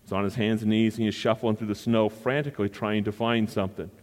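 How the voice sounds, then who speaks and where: A man's voice: lowish voice, steady tone, quick pace, darkish tone. A male pastor preaching a sermon in an earnest manner and repeating phrases for emphasis. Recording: long hall reverb.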